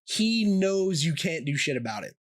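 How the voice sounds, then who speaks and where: A man hosting a casual podcast with a slightly high voice, telling stories in an animated way. He laughs often and swears freely. His voice sounds close and dry. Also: normal speed, dry recording. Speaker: podcast host.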